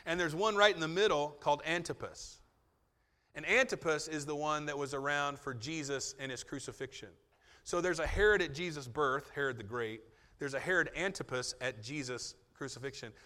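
A man preaching a sermon in a relaxed, conversational way, with joking asides and quotes acted out in a lively voice. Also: fairly high pitch, normal speed, big-room sound. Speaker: pastor.

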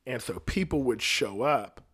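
Profane, animated man telling a story. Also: medium pitch, a little slow, breathy edge. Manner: animated, profane, puts on voices for quoted people. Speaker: singer recounting a story. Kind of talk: casual storytelling monologue.

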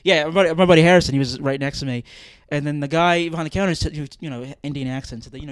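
A man's voice: fairly high pitch, very fast, hardly any pauses, smooth, no echo. A man co-hosting a casual comedy podcast, telling self-mocking stories and laughing often. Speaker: podcast co-host.

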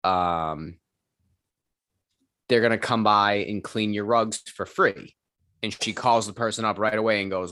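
Low-voiced swearing storyteller man. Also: fairly even intonation, measured pace, long pauses, bright, forceful tone, no echo, studio quality. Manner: profane storyteller, acts out quoted people. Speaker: gym owner and trainer. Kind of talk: casual chat.

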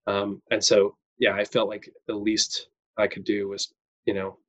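A man's voice: on the low side, completely flat delivery, measured pace, dry recording, rough recording. A man from Wisconsin, a guest on a podcast, speaking earnestly with loose fillers. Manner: earnest, loose with "you know" and "like". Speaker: guest, recent MBA graduate. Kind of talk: conversational interview.

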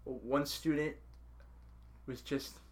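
A man co-hosting a podcast from his own house, telling a first-hand story with wry, deadpan asides and halting restarts. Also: medium pitch. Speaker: podcast co-host. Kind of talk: casual chat.

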